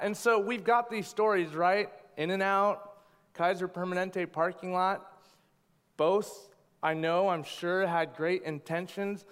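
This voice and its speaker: Man, 30s, pastor, sermon, storytelling, playful asides, smooth resonant voice, slightly high, long hall reverb. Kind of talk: sermon with personal stories.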